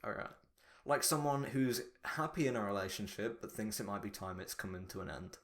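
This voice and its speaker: A man hosting a podcast in casual chat, rambling and animated with mock outrage. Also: on the low side, fairly quick. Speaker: podcast host.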